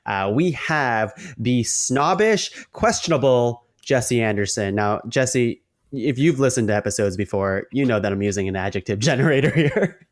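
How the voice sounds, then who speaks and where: A man's voice: mid-range voice, expressive, normal speed. A young man hosting a casual podcast, upbeat and laughing often as he chats with a guest. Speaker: podcast host. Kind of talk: casual chat.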